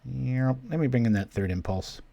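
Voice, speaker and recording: A man's voice: medium pitch, lively intonation, moderate pace, gravelly, warm tone, no room sound. A man hosting a card-game stream, giving casual live commentary as he plays and thinking aloud in a playful, chatty way.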